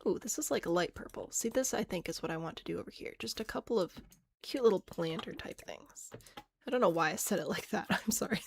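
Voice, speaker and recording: Her voice is fairly low, breathy at the edges and touched with vocal fry as she plays a game live. She keeps up relaxed stream chat, musing aloud and answering viewers while laughing at herself.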